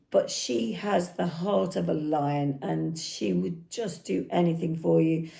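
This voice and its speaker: Slow gravelly woman, rambling. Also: lowish voice, warm tone. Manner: rambling, anecdotal, filler-heavy. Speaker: horse eventer and yard owner. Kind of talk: casual vlog talk.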